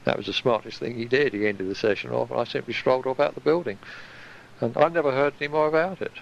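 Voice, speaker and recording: A man recounting his past in a recorded reminiscence, animated and casually swearing. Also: mid-range voice, fast, vocal fry, muffled recording, slight background noise.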